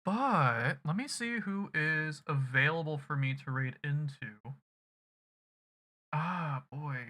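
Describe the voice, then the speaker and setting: Over background music, a man winds down his gaming stream with loose, profane end-of-stream chatter. He speaks slowly, his fairly high voice sounding pushed and bright.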